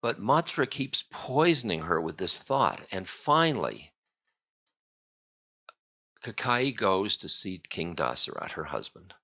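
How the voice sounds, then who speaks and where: A man's voice: lowish voice, big pitch swings, unhurried, pushed and bright. A man, a spiritual teacher, giving a storytelling lecture in a casual, meandering way with chuckling asides.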